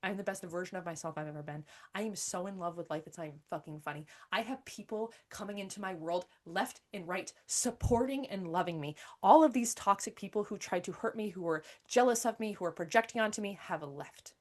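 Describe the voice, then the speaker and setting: A woman's voice: mid-range voice, brisk, few pauses, a little mellow. A woman in her thirties talking candidly as a podcast host, emphatic and swearing freely, often repeating her phrases. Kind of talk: candid monologue.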